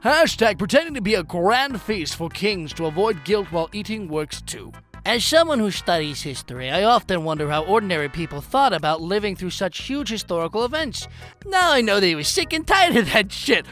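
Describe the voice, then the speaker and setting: A man reading funny posts aloud in a jokey, animated way, swinging from deadpan to loud. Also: high-pitched, fairly quick, soft background music. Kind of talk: comedic reading.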